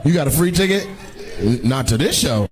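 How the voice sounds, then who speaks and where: A middle-aged man doing stand-up crowd work on a live comedy stage, teasing audience members with loud, profane banter. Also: medium pitch, lively intonation, brisk, music in the background.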